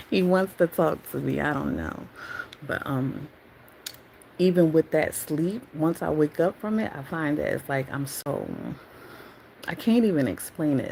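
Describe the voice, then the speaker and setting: A woman's voice: sits low, a little mellow, a little hiss or hum, low-quality recording. A woman sharing a casual devotional talk, rambling and reflective and often correcting herself. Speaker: faith vlogger.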